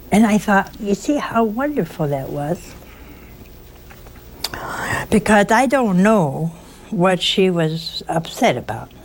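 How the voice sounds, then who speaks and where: A woman's voice: on the low side, darkish tone, slight background noise. A woman giving an informal sermon, telling chatty, teasing stories with a folksy touch. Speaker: religious speaker.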